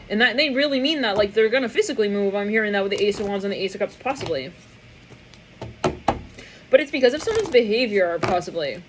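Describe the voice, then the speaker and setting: A woman talks through a tarot reading in a loose, rambling way, at a middle pitch. She scatters filler words and laughs, slipping into little voices for the people she imagines. Faint noise sits behind her. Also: low-quality recording. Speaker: tarot reader.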